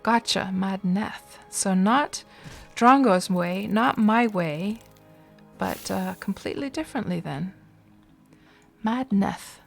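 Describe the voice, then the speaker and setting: A woman's voice: medium pitch, animated, measured pace, vocal fry, soft background music. A woman streaming a game live, chatting casually with viewers and reacting to the gameplay between replies, speaking into a desk microphone. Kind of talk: casual live-stream chat while playing.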